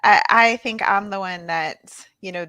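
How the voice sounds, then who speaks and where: A woman's voice: mid-range voice, measured pace, sharp tone, no echo. A woman in a casual group chat who talks frankly and directly.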